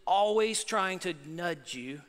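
Male pastor, high and bright, emphatic sermon delivery, reverberant church hall. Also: lively intonation, slow. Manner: emphatic, rhetorical questions. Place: church sanctuary.

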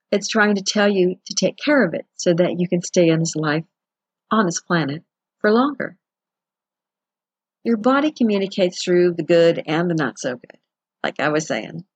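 A woman's voice: on the low side, breathy edge, no echo, muffled recording. A woman giving a chatty, conversational self-help talk as a wellness teacher. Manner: chatty, conversational, acts out quotes with laughs.

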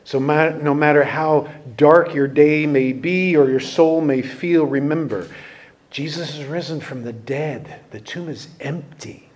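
Slow earnest preacher guy, kinda high voice, goes soft then punches it up. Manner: earnest, builds to emphatic peaks then drops soft. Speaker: pastor. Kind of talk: sermon.

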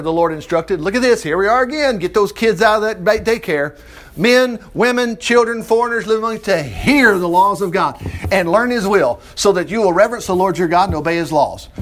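A man preaching, reading scripture aloud and breaking in with lively, joking asides. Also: high-pitched. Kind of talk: Bible teaching with commentary.

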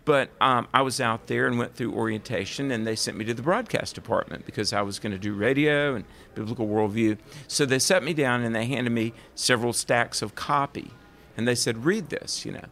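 A man's voice: mid-range voice, a little fast, vocal fry, fairly bright tone. A man with a Southern US accent hosting a radio interview, chatty and enthusiastic with a rambling way of talking. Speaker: radio show host. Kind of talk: casual interview chat.

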